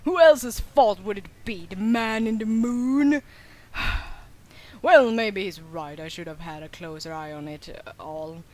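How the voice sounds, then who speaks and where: A woman's voice: mid-range voice, a little slow, darkish tone, close to an everyday voice. A woman doing a sheepish, remorseful young man. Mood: regretful. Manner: sheepish, self-blaming. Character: remorseful young man fretting over a lost horse. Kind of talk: reading game dialogue aloud.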